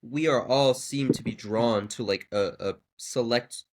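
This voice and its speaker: A man's voice: medium pitch, a little slow. A man who is a podcast guest and musician, chatting casually and reflectively, searching for the right words. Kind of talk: casual chat.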